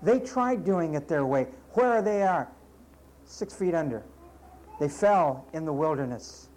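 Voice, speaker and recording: A man's voice: on the high side, animated, a little slow, a little mellow, slight background noise, low-quality recording. A man preaching a sermon in an emphatic, scolding way, with sarcastic asides and mocking impressions of his listeners.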